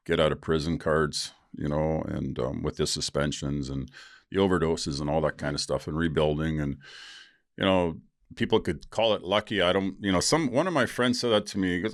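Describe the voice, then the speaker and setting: Deep-voiced middle-aged guy doing a solo podcast, swears a lot, dry sound, talks loose and rambling. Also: fairly quick, no echo. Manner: candid, profane, rambling with many fillers. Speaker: podcast host. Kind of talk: casual solo podcast talk.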